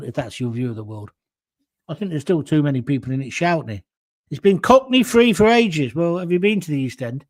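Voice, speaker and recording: Older english bloke ranting on his talk show, sarcastic, blunt, fairly high voice. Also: a little mellow. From England. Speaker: host. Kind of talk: opinionated political talk show monologue.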